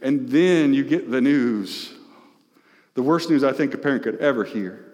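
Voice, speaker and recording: A man's voice: medium pitch, moderate pace, a little mellow. A male pastor preaching an impassioned sermon, calling out to the congregation with rising and falling delivery. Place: church sanctuary. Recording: reverberant church hall.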